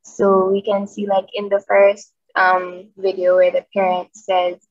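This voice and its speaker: A young woman student sharing her view in an online discussion, thoughtful and measured. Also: medium pitch, completely flat delivery. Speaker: student participant. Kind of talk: discussion contribution. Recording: muffled video call audio.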